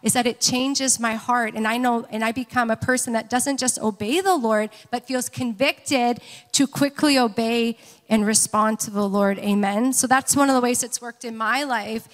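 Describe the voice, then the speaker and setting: Lady preaching at church, kinda high voice, big echoey hall, keeps saying amen. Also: fairly even intonation, moderate pace. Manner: earnest, rallying congregation with amens. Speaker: worship leader and co-pastor. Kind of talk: sermon. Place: church sanctuary.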